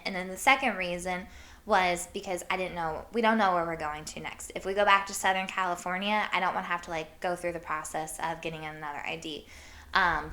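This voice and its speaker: A woman's voice: on the low side, sharp tone. A woman from Iowa hosting a podcast, telling stories in a casual, rambling way, full of "like" and frequent laughs. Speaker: podcast host. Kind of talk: casual storytelling chat.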